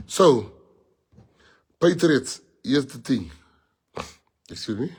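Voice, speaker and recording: A middle-aged South African man with a South African accent leads his party during a livestream, rallying his supporters. He speaks a little slowly in a slightly rough, mid-range voice. His delivery is emphatic and repetitive, with Afrikaans phrases dropped in.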